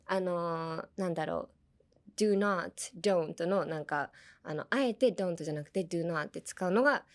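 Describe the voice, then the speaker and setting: Chatty bilingual woman teaching English. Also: lowish voice. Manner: chatty, switches between English and Japanese, laughs often. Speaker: podcast host teaching English through anime lines. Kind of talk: casual bilingual teaching chat.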